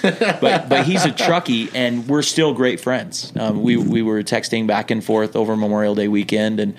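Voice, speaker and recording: A middle-aged man telling stories in a laid-back, joking way as a podcast guest, with lots of quick restarts. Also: lowish voice, background noise. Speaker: podcast guest, returned missionary. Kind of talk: casual storytelling.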